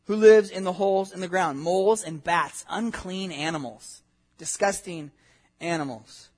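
A married adult man from Southern California, a pastor with a wife, delivers an expository sermon in a high-pitched, husky voice at an unhurried pace. His preaching is animated and conversational, full of asides and questions to the audience.

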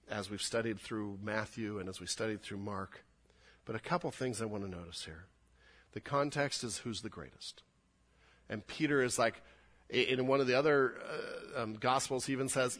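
A man's voice: on the low side, fairly bright tone. A male pastor giving a sermon in a church, earnest and conversational, often repeating words for emphasis. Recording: long hall reverb.

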